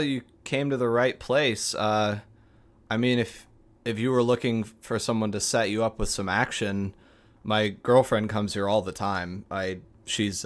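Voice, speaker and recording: A man's voice: on the low side, natural voice. Man doing a chatty bar woman. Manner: chatty, friendly, hesitant.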